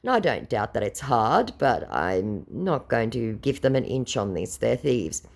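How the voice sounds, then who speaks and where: A woman's voice: rumbling low, sing-song, measured pace, vocal fry, darkish tone. An Australian woman telling a casual vlog story, blunt and sarcastic with some swearing. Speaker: scam-baiting vlogger.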